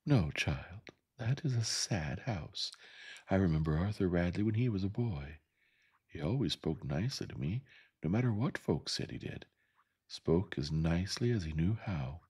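A sharp-tongued older Southern neighbor woman, given voice by a man in a gentle storybook reading. She speaks in a dry, firm, plain-spoken way. The voice under her is very deep and husky, with lively swings in pitch. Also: moderate pace, heavily acted.

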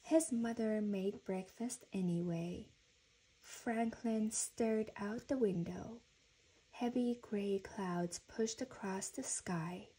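A woman reading a children's storybook aloud in a gentle, even storytelling manner. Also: medium pitch, slow, husky, rough recording. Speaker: reader.

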